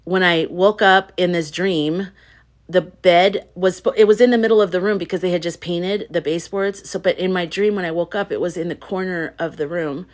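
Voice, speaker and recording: Middle-aged American woman, spiritual live-stream host; low-leaning voice, emotional, loose and chatty. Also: steady tone, moderate pace. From United States. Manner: rambling, confiding, emotional, many restarts. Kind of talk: casual chat on a live stream.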